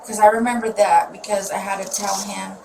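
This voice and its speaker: A woman's voice: medium pitch, level tone, brisk, gravelly. A mother being questioned by police, rambling and upset, often trailing off mid-sentence. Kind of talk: recorded police interview. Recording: distant mic with loud noise.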